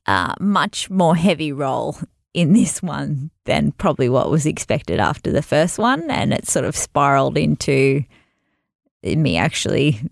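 A woman with a lowish, gravelly voice tells a story in casual chat, animated and laughing often. She acts out what people said. The sound is dry and close. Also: a little slow, no echo.

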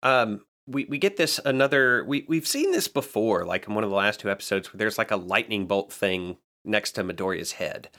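A man with a fairly low voice recapping scenes in a casual podcast chat. He talks in a measured way and reads out lines as he goes. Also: lively intonation, sharp tone. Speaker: podcast co-host recapping a manga.

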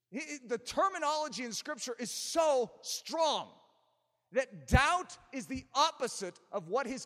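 A man preaching an impassioned sermon as pastor, building to forceful emphasis. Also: sits high, in a large hall.

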